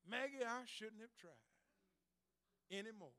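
A man preaching a sermon in a shouted, whooping style with rising cries. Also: high voice, a little slow.

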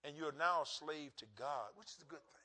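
Forceful high-pitched preacher, man. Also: fairly quick. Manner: emphatic call-and-response preaching with joking asides; bursts into shouts. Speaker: pastor. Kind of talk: sermon. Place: church sanctuary.

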